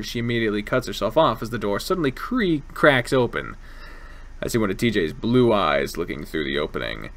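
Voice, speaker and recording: A man streaming a game, chatting casually and reading its lines aloud, joking, laughing often and swearing now and then. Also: medium pitch. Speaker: let's play streamer. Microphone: desk microphone, wearing one earbud.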